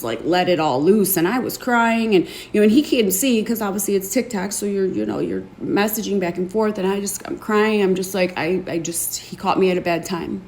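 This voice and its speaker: A woman hosting a show, telling her own story to an online audience in an earnest, emotional, confiding way, halting and repeating words as she gathers her thoughts. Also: fairly low pitch, a little mellow. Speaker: podcast host. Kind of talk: candid personal testimony to an online audience.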